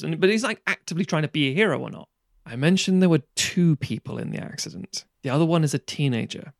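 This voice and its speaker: A man chatting casually on a podcast, retelling a film plot in a lively, sweary way and acting out the characters' lines. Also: mid-range voice, no room sound, clean studio sound.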